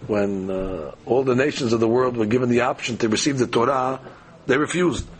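A man's voice: medium pitch, brisk, a little hiss or hum. A man teaching a daily Talmud class, reading the Aramaic text aloud and explaining it in casual, conversational English.

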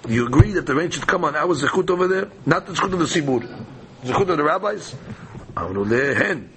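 A man's voice: a little high, animated, fairly quick, noisy background. A man teaching a daily Talmud class, reading the Aramaic text aloud and explaining it in casual, conversational English.

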